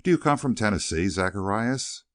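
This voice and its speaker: A man reading an audiobook, voicing an earnest, tender young woman in a gently raised voice. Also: fairly low pitch, lively intonation, moderate pace, no room sound, studio quality, close to an everyday voice.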